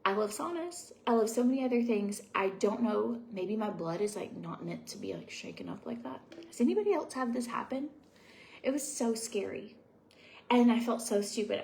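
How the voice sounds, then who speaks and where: A woman's voice: mid-range voice, expressive, normal speed, gravelly, a little mellow, slight background noise. A young adult woman chatting casually at home while doing her skincare routine, rambling and confiding with lots of fillers. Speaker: beauty vlogger.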